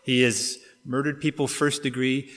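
A man's voice: mid-range voice, flat delivery, moderate pace. Man preaching in an echoey church. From Canada. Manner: storytelling with acted-out quotes, wide swings in loudness and pace. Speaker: pastor. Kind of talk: sermon. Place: church sanctuary. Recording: long reverb of a church hall.

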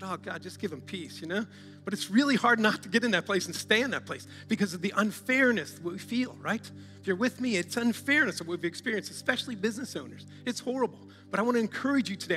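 A man's voice: high-pitched, bright, forceful tone, long reverb tail. A man preaching a sermon as pastor, exhorting the congregation, calling out to them often and laughing between points.

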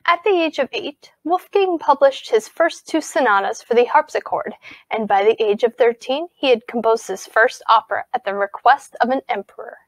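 High-voiced woman teaching music to children. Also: no echo, poor audio. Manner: clear, expressive, addresses children. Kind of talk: recorded lesson and storybook reading.

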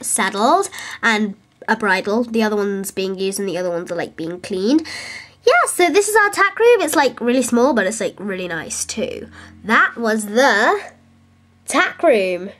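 A woman's voice: high-pitched, a bit bright. Giddy young woman squealing through a tour. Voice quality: giddy, squealing whoops, valley-girl "like" fillers. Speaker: mock stable owner giving a tour. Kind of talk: silly improvised home-video comedy tour.

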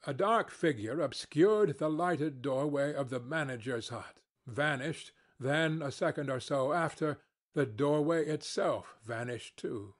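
A man narrating an audiobook in a measured, deliberate storytelling manner. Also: on the high side.

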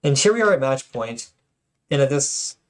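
A man's voice: mid-range voice, expressive, moderate pace. A man casually commenting on game replays, often stuttering and restarting his words, with apologetic asides. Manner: self-conscious, apologetic asides.

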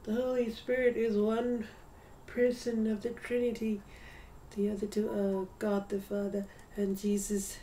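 Tired, soft-spoken woman vlogging. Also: mid-range voice, far from the mic. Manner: soft and hesitant, slipping into whispers. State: tired, yawning. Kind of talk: casual video diary. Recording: slightly off-mic with faint room hum.

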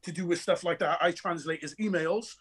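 High-voiced actor, restless and excitable, tells stories acting out every line. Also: male voice, fairly quick, slightly rough. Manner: energetic, restless storyteller who acts out quoted dialogue. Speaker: actor interviewed about his film. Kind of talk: animated anecdotal chat.

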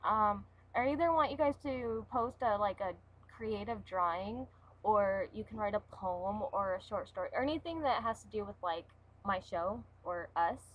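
A young woman co-hosting a home web show, reading jokes aloud in an easy, offhand way. She is a bit under the weather, and her voice sits at an ordinary middle pitch, often trailing off quietly at the ends of sentences. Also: normal speed, lo-fi sound. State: sick.

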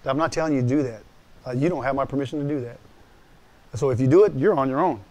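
A pastor talks fast in a mid-range voice while giving a testimony sermon. His tone with the audience is direct and conversational, and he becomes animated when acting out the voices he quotes.

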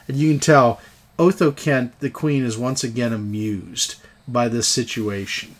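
A man narrating a tabletop game as game master, halting and often repeating words. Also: medium pitch.

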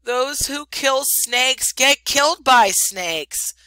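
A woman voicing a timid, broken-hearted little male muskrat who pleads in a high, slow, tearful voice while reading a storybook aloud. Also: animated, sharp tone, no room sound, rough recording. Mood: weepy.

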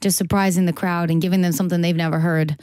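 A young woman from Massachusetts, a guest songwriter chatting casually in an interview, bubbly and quick to laugh, acting out quotes. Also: fairly low pitch, flat delivery, a little mellow, no echo, clean studio sound.

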